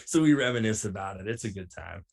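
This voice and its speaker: Gravelly and lowish, this man's voice carries casual prank stories on a podcast where he's a guest; he's a pro wrestler. He's animated and playful, voicing what people said.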